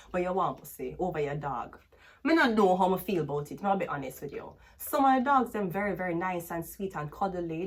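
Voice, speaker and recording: A woman with a Jamaican accent giving a casual tarot reading. She is blunt and profane, laughs often, and drifts into patois-heavy stories. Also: lowish voice. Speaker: tarot reader.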